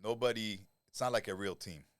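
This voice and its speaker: In a podcast studio, a man in his forties appears as an interview guest, recounting his life story in blunt, profane street talk. His voice is fairly low and fairly quick, and the recording has no echo.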